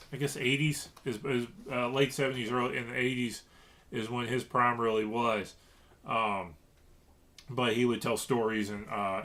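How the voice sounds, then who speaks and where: A man's voice: mid-range voice, fairly bright tone. A man from Louisiana chatting casually to camera about reselling, rambling with many fillers and restarts. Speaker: reseller vlogger.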